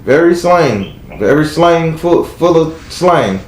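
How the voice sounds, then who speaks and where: A man's voice: a little high, lively intonation, slow pace, roomy sound, poor audio. A man with a Southern US accent giving a live tarot reading to a caller, blunt and chatty, talking aloud to spirits as he goes. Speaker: tarot reader.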